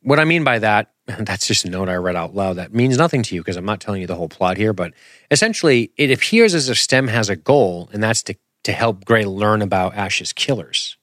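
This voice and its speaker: Male podcast host, low voice, casual rambling chat, dry close recording. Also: fairly quick, no room sound. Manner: animated, rambling, self-deprecating, makes sound effects.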